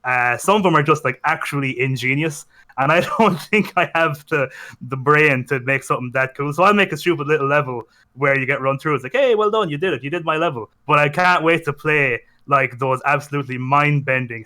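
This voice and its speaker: A man's voice: medium pitch, brisk, sharp tone. A young man in casual podcast chat, rambling and correcting himself, enthusiastic about games. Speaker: podcast co-host.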